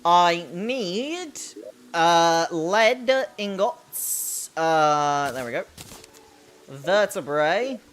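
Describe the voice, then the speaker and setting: Young adult game streamer, childlike voice, playful chat, bouncy pitch. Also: animated, drawn-out words, a bit bright. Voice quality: childlike, babyish voice. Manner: playful, chatty, reads out chat. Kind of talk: casual live gameplay commentary.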